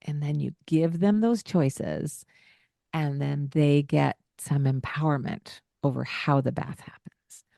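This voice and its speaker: Slow-talking woman hosting a parenting podcast. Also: low voice, creaky, dark tone, no echo, studio quality. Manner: laughs often, acts out parent and child lines. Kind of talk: casual podcast chat.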